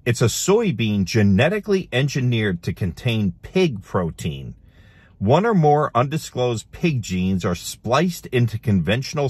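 A middle-aged man hosting a casual commentary show, reading headlines aloud and adding animated, laughing remarks. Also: lowish voice, breathy edge, dry recording. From United States. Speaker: host.

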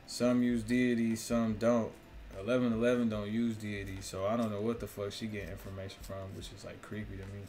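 A man's voice: fairly low pitch, little pitch movement, fairly quick, a little mellow, slight background noise. A man hosting his own video channel, talking loosely and profanely in a rambling monologue, laughing often and throwing questions at viewers. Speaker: vlogger, host of own channel. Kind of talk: casual rambling monologue to camera.

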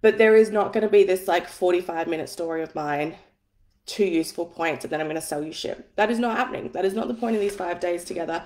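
A woman in her thirties, tired and a bit husky from an early start, hosting a live money masterclass from home on her phone in a chatty, self-deprecating way with plenty of swearing. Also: lowish voice, fast talker, darkish tone, reverberant. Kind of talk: casual livestream teaching. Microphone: phone on a tripod.

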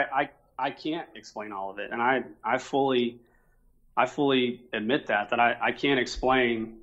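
A middle-aged man from Oklahoma, a Christian missionary, talking casually in a halting way with many restarts and fillers. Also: mid-range voice. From Oklahoma, USA. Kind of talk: casual conversation. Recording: dull lo-fi sound.

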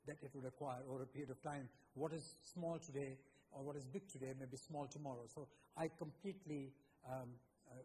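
A man's voice: mid-range voice, steady tone, brisk, warm tone, a little hiss or hum. A man, a government minister, stating his disagreement decisively on a panel. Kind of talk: panel debate remarks. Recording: long hall reverb.

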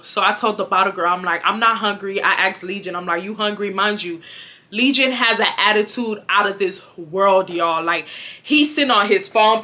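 A woman, telling a storytime to her viewers in an animated, laugh-filled way, swearing freely. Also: medium pitch. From Houston, Texas. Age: 20s. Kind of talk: casual storytime.

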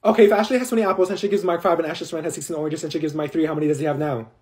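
A man's voice: a little high, steady tone, very fast, a little mellow, pitched below the performer's own voice, close to an everyday voice. A man voicing a fed-up female teacher who scolds her student in a comedy sketch. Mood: scolding.

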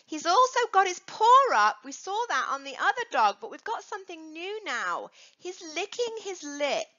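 A woman's voice: very high voice, sing-song, moderate pace, bright, forceful tone. Sing-song woman teaching kids. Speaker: dog safety educator. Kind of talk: teaching children. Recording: dull lo-fi recording.

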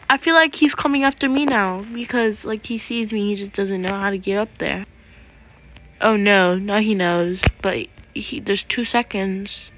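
A woman giving casual gameplay commentary as a video creator, chatty and prone to excited yelling at the game. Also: mid-range voice, measured pace.

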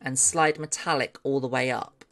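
A woman's voice: a bass voice, steady tone, moderate pace. A woman streaming live as she learns 3D modeling. She thinks aloud, talks to her chat and swears with delight when something turns out well.

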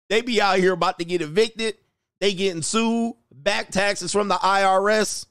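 A man giving a loud, slangy, animated comic rant while reacting to a video clip, laughing as he goes. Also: sits high, normal speed, smooth, no room sound, clean studio sound. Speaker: comedy commentator reacting to a clip.

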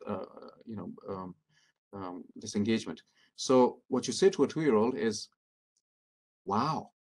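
Man, middle-aged, workshop presenter, calm, encouraging, fairly low voice. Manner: calm, encouraging, reads out audience answers. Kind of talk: interactive training workshop.

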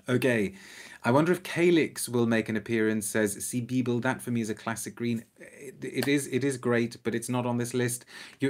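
A man with a somewhat low voice hosts a live stream, talking off the cuff about scents. He is enthusiastic, often doubling words as he gathers his thoughts, and reads viewer comments aloud between his own remarks. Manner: enthusiastic, repeats words while thinking aloud. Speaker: perfume reviewer hosting a live stream.

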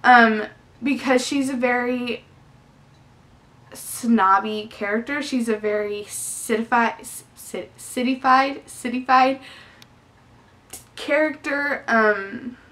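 A young woman talks through a book tag on her vlog, bright and a little sharp in tone. She gushes freely and fills her talk with casual fillers. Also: a little high, slow. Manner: chatty and effusive, lots of "definitely" and "like". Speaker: book vlogger.

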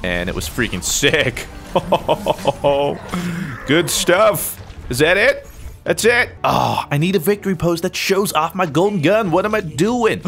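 A young man giving playful, jokey commentary over his own gameplay, swinging between excited yelps and mock-serious asides. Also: fairly high pitch, takes it slowly, gravelly. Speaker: gaming YouTuber.

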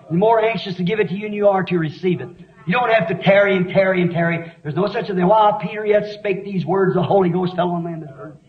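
A high-pitched, middle-aged preacher delivers a fiery revival sermon, swinging from storytelling into shouted appeals. His voice rings through an echoey meeting hall. The sound is a dull, lo-fi 1960s tape. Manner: impassioned, storytelling, rising to shouts.

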